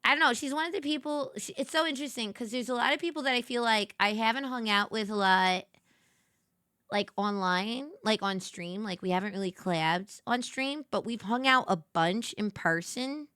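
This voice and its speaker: A woman VTuber streamer in casual late-night chat. She gushes bubbly, with sudden squeals and soft whispers. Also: a little high, moderate pace, smooth, no echo, clean studio sound.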